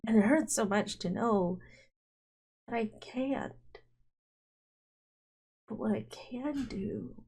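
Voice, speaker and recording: A woman's voice: on the high side, darkish tone, husky, pitched above the performer's own voice, heavily acted. A woman reading as an earnest, kind dad. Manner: earnest, encouraging, measured. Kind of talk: reading game dialogue aloud.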